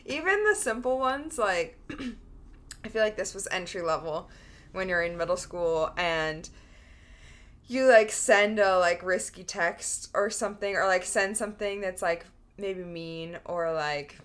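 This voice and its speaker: A woman's voice: medium pitch, measured pace. A young woman co-hosting a casual podcast, telling stories with lots of fillers and frequent laughter. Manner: laughs often, animated storytelling with filler words. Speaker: podcast co-host. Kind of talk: casual chat.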